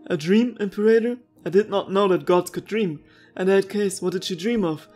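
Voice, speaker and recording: A woman's voice: mid-range voice, normal speed, faint music behind, lightly acted. A woman reading out the lines of a solemn servant devoted to a god-ruler, in her own voice. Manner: reads the lines aloud at an even, formal pace.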